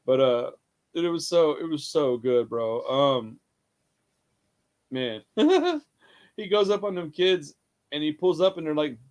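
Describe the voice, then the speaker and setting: Excitable, foul-mouthed man reviewing a movie. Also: on the high side, measured pace, pauses often. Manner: excitable, swears a lot, laughs often, acts out scenes. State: hyper and tired. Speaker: podcast co-host. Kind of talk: casual movie review chat.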